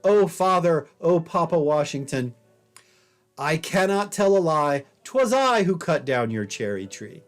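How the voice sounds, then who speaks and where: Brief: man voicing honest young boy, quaint formal speech, soft piano behind. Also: a little high, very animated, a little slow. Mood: earnest. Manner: earnest, old-fashioned formal.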